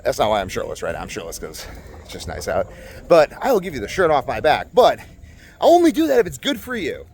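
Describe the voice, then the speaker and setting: A young man talking casually to camera outdoors, in a blunt, animated rant with sarcastic asides. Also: mid-range voice, fast, slight background noise. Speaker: vlogger. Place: outdoors at a resort.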